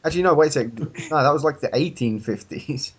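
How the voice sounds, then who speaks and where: A man's voice: a little high, lively intonation, fast talker, breathy edge. A man co-hosting a casual gaming podcast, making dry, wry jokes. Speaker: podcast co-host.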